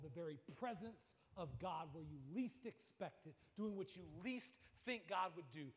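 A male pastor preaching with a dramatic sweep, moving between near-whispers and ringing emphasis. His voice sits a little high for a man and rings through a large, reverberant church hall. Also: animated, moderate pace, few pauses. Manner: dramatic, swings from hushed to emphatic. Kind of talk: sermon.

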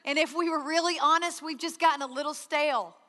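High bright woman preaching in a hall. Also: steady tone, fairly quick. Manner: earnest, acts out prayer dialogues with God. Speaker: retreat speaker. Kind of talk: sermon. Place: large hall. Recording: hall reverb.

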